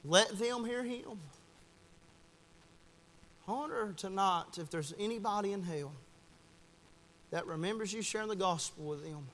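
Young preacher, bright and ringing, impassioned delivery with a long church echo. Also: male voice, sits high, moderate pace, a little hiss or hum. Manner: impassioned, swings from shouting to hushed. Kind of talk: fiery sermon. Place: church at a Wednesday night service.

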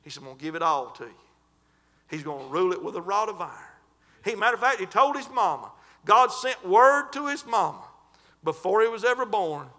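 Preacher man, high lively voice, fervent, folksy, shouts scripture. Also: brisk. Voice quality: folksy, colloquial. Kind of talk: sermon.

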